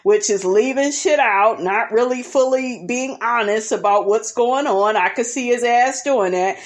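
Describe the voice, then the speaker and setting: A woman's voice: on the high side, unhurried. A woman hosting a casual reality TV recap, sassy and blunt, swearing freely and tossing in "honey" and "okay" as she gossips. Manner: profane and blunt.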